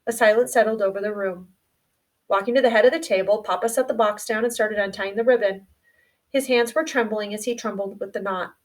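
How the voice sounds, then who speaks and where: A woman reading a novel aloud in a quiet, subdued storytelling manner. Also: medium pitch, steady tone, a little fast, distant mic. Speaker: audiobook reader.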